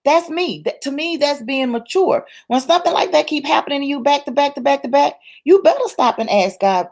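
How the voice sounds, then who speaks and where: A woman's voice: high voice, expressive, fairly quick, few pauses, a little mellow. A woman guest in an interview, telling a personal story in a colloquial, church-rooted way, emphatic and repetitive as she builds her points. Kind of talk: personal testimony in conversation.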